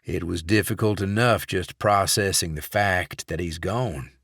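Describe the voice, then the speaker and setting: A man as a calm, ruthless male operative. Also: sits low, measured pace, creaky, breathy edge, dry recording, clean studio sound, heavily acted. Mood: feigned friendliness. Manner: calm, clipped, controlled.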